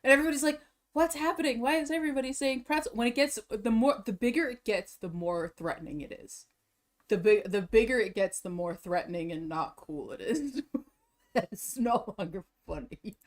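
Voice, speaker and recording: A young woman streamer in casual reaction chat, giggly and excitable, often breaking into laughter. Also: mid-range voice, moderate pace.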